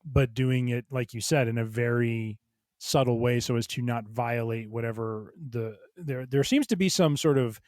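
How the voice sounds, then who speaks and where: A man co-hosting a podcast, working through his ideas out loud with plenty of hesitations and restarts. His voice sits at a middle pitch, with a dry, close sound. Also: normal speed, no echo. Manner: thinks aloud, hesitant, restarts. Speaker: podcast co-host. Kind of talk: casual chat.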